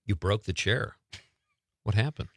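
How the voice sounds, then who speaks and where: A man's voice: on the low side, a little slow, no room sound, clean studio sound. A man hosting a show, chatting casually and joking at his own expense. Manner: chatty, joking, self-deprecating. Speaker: show host. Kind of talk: casual radio-style chat.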